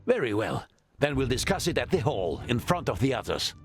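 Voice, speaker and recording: A man's voice: medium pitch, sing-song, brisk, faint music behind, lightly acted. A man playing a stern threatening general. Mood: menacing. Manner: cold, threatening. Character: stern accusing male general. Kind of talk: video game cutscene acting.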